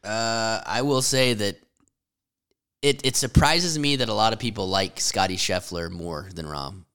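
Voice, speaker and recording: A man co-hosting a podcast in casual chat, profane and quick to laugh. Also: on the low side, a bit bright, clear, resonant tone. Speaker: podcast co-host.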